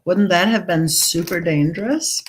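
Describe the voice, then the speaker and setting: Slow lowish woman host chatting on a stream, skeptical, eating lunch as she talks. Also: husky. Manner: eats while talking, reads chat messages aloud; skeptical, questioning. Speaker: true crime channel host. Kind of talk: casual livestream chat, reading viewer comments.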